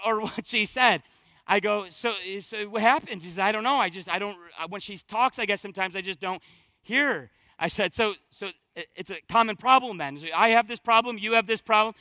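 A middle-aged man preaching a sermon, telling a family story, then slowing and building for emphasis. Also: sits high, bright, forceful tone, no room sound. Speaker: pastor.

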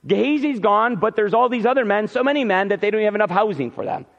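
A pastor talks fast with lively intonation and a high pitch, preaching in an easygoing way and acting out biblical characters' dialogue. The hall sound is reverberant and dull.

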